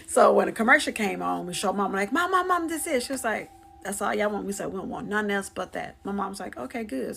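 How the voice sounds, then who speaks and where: A woman vlogger tells a story straight to her viewers, chatty and full of slang. She acts out what her relatives said, and her voice carries a gravelly, creaky edge. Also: medium pitch. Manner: chatty, slangy, acts out family members' lines. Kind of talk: casual storytelling to camera.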